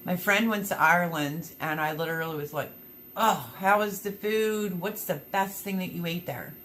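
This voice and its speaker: A woman with a slightly low voice hosts a relaxed livestream, reading out viewer comments as they arrive. She talks in a chatty, upbeat, rambling way. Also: normal speed, slight background noise. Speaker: livestream host.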